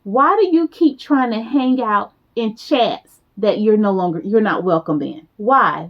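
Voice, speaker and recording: A woman's voice: mid-range voice, measured pace. A woman giving a motivational talk to her viewers, casual and emphatic, repeating key phrases for weight. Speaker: motivational speaker. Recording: slightly dull lo-fi sound.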